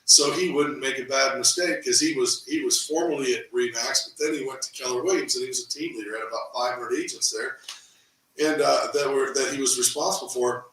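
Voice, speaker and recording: A middle-aged man tells a story in a casual interview, lively, repeating words and acting out quotes. His voice is bright and forward. It is recorded in an echoey room from some way off the mic. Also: medium pitch, a little fast, recorded from a distance. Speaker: real estate team owner, interview guest.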